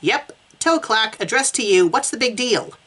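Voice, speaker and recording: A dry, teasing American woman with a rough Boston accent, as a woman puts her on while reading a story. Her voice sits higher than the reader's own, with a lively, swinging lilt. She sounds sarcastic and unimpressed. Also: moderate pace. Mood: prying. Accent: put-on Boston.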